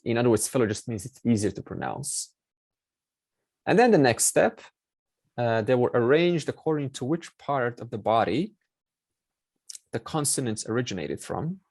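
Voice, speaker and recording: A man's voice: mid-range voice, sing-song, moderate pace, pauses often, a little mellow, slightly rough, dry recording. A man teaching a Sanskrit class online, explaining step by step and repeating key words with many fillers.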